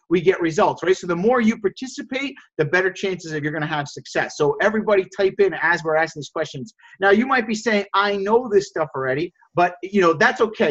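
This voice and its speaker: Fairly high-voiced man coaching, dull lo-fi sound. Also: fairly bright tone. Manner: restarts and repeats words, keeps checking in with "right?". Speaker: sales coach. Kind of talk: coaching a group call. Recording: dull lo-fi audio.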